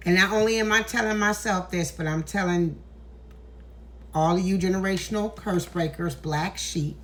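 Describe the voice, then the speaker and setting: A woman's voice: fairly low pitch, slight background noise. A woman speaks into her phone indoors, close to tears as she delivers an emotional monologue. Her talk is emphatic and preachy, she swears freely, and she keeps pushing through the feeling. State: near tears. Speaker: tarot content creator. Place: indoors, walking in a hallway.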